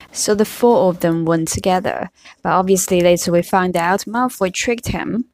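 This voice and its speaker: A woman reading a novel aloud with her own comments, in steady storytelling. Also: on the low side, normal speed, dry recording. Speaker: reader.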